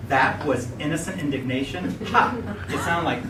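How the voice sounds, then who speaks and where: A man's voice: a little high, normal speed, lightly acted. An actor playing a skeptical man, speaking in a bemused and increasingly exasperated way. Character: skeptical man questioning a stranger. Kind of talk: stage play acting. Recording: echoey hall, distant mic, loud noise.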